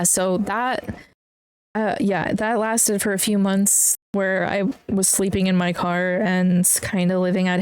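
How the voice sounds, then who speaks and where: There's no room sound around her smooth, mid-range voice. Hosting a podcast, the young woman shares a personal story in a blunt, heavily profane way, plainly upset as she goes.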